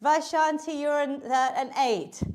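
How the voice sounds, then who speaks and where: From a home workout room, a British fitness instructor leads a live online class in a high-pitched, darkish voice with a steady tone and moderate pace. She's encouraging and upbeat, counting down reps while slightly winded.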